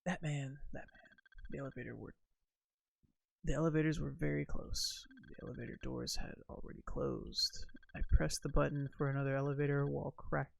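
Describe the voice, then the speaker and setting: A man's voice: medium pitch, fairly even intonation, fairly quick, gravelly, no room sound. A man streaming a story game, reading its text aloud, stumbling over words and laughing now and then.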